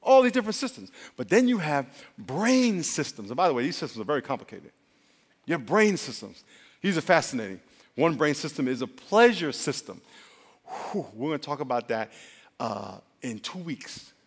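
A man preaching a sermon as pastor, animated and leading call-and-response with the congregation. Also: fairly high pitch, moderate pace, breathy edge. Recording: long hall reverb.

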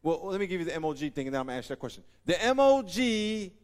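A man preaching a sermon as pastor, animated, acting out scenes in voices and laughing often. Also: high-pitched, very fast. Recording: long reverb of a large hall.

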